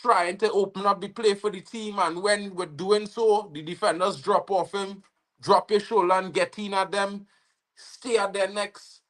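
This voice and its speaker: A young Trinidadian man hosting a football watch-along livestream, slangy and excitable, bursting into shouts when his team scores. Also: high-pitched, a little slow. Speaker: football fan livestream host. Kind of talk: live match watch-along commentary.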